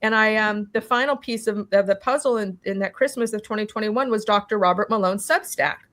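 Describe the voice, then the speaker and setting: A woman's voice: medium pitch, brisk. A woman recounting her own experience in an interview, talking animatedly, acting out what people said and often restarting with "you know". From California. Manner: animated storytelling, acting out quoted dialogue. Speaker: interview guest. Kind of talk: personal testimony in a conversation.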